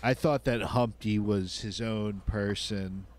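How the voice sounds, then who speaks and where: A man's voice: on the low side, fairly even intonation, slow pace, no echo. A man with a Delaware County accent co-hosting a casual podcast chat, rambling with lots of fillers. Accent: Delaware County Pennsylvania. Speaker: podcast co-host.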